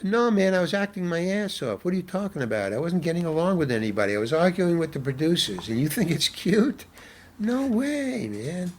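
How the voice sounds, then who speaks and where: Older male actor, rambling and exasperated, pitch swinging widely, voice sitting a bit high. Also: a little fast, slight background noise. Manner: animated, rambling, frequent restarts, exasperated asides. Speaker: guest actor. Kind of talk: casual interview storytelling.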